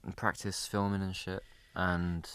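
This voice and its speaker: A man's voice: low-pitched, little pitch movement, measured pace, a bit bright, clear, resonant tone, no echo. A tired young man hosting a podcast, teasing his co-host in a dry, laid-back way. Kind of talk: casual chat.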